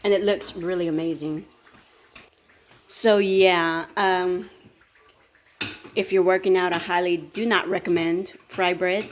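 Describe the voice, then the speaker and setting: Tired fitness-coach woman, chatty morning vlog, slightly low voice, rambling delivery. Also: fairly even intonation, slow pace, pauses often, a little hiss or hum. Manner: chatty, rambling, talks with her mouth full. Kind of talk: casual morning chat.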